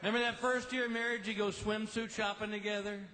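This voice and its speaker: A middle-aged man doing a lively stand-up comedy routine, telling stories and acting out quick voices. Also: sits high. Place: large live venue with audience. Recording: live show with crowd noise.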